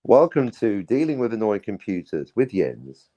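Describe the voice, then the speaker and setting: A man's voice: lowish voice, moderate pace, no room sound. A man co-hosting a podcast, filling time with playful, jokey banter in a casual chat. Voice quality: playful, jokey, lively delivery. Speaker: podcast co-host. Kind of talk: casual chat, joking monologue.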